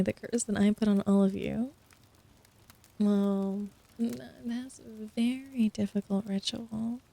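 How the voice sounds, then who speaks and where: A young woman streaming whispered role-play, talking softly and teasingly with a giggly, mock-sinister playfulness toward her chat. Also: medium pitch.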